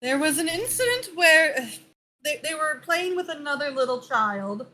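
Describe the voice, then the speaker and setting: Woman dungeon master, slightly high voice, faint hiss behind, narrates and plays NPCs. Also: expressive, moderate pace, sharp tone. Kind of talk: narrating and voicing a tabletop game.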